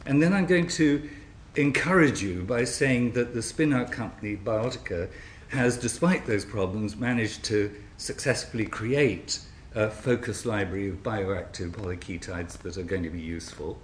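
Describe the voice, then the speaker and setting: A man's voice: medium pitch, a little hiss or hum. Man lecturing in an echoey hall. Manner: stop-start delivery with many repeated words, dry wit. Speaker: scientist giving a symposium talk. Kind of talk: academic lecture.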